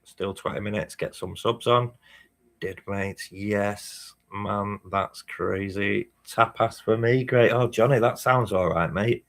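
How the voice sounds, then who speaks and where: Low-voiced man chatting casually. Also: slow, vocal fry. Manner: casual, swears, reads chat messages aloud. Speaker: fan channel host. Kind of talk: live match watchalong chat.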